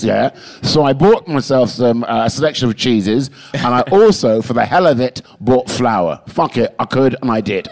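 Swearing, animated male comic storyteller. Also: medium pitch. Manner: animated, swears freely, punchy asides; keeps checking in with "right?". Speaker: guest comedian. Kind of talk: comic storytelling on a live podcast.

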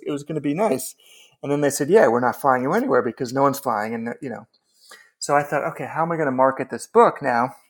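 Candid male novelist talking shop. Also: medium pitch. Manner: candid, quick and loose, swears casually. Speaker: novelist guest. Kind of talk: casual conversation.

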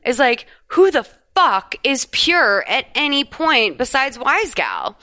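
A woman co-hosting a podcast, casually recapping a movie in a rambling, animated way, with frequent swearing and self-corrections. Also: sits high, slow pace. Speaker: podcast co-host.

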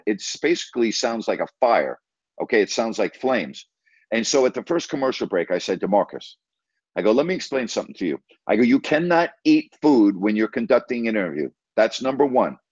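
In a casual interview, a man who used to broadcast for a team tells a story emphatically, replaying conversations line by line. His voice is on the low side, and the recording is dry, slightly dull and free of echo.

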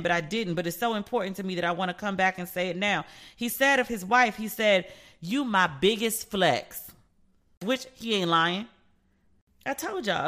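Bright-voiced woman gossiping on a podcast. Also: medium pitch. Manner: chatty, playful, acts out quotes in voices. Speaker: podcast host. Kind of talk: casual pop-culture commentary.

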